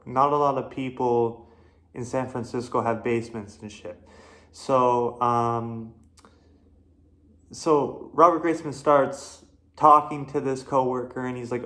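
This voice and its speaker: A man with a mid-range, slightly bright voice hosts his own horror film review. He talks casually and rambles, swearing a lot and filling his speech with fillers and restarts.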